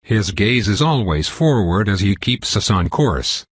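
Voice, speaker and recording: Male audiobook narrator, low husky voice, measured storytelling, dry close recording. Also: big pitch swings, no room sound. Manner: measured, first-person storytelling. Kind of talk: reading a web novel aloud.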